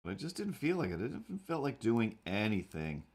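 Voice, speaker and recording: A man's voice: mid-range voice, huge pitch swings, normal speed, darkish tone, husky. A man chatting casually while he draws, rambling in a wry, incredulous way. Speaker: cartoonist streamer. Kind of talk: casual chat while drawing.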